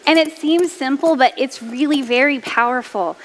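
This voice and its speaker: A woman's voice: high voice, normal speed, big-room sound, slight background noise. A woman around forty giving an upbeat motivational talk to mothers, chatty and self-deprecating, laughing easily. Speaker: speaker addressing mothers.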